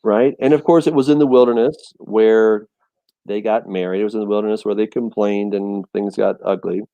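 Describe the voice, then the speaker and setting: A man in a casual Bible discussion, animated and storytelling, often repeating words as he restarts. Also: on the low side, no room sound. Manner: animated storytelling, acts out voices and quotes. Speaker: teacher of a Bible study show.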